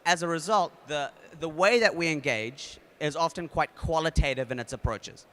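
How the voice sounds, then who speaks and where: A man with a New Zealand accent speaking at a conference, casual and energetic, with many fillers and restarts. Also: a little high, normal speed. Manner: energetic, leads the audience in a game. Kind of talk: conference talk.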